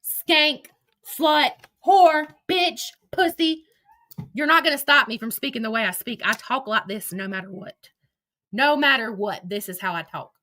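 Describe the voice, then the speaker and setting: Woman ranting on her livestream, cussing a lot, calling out haters, sharp bright voice. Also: fairly high pitch, animated, a little slow. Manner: profane, combative, confrontational; talks to chat and absent critics directly. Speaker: livestream host. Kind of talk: heated livestream rant.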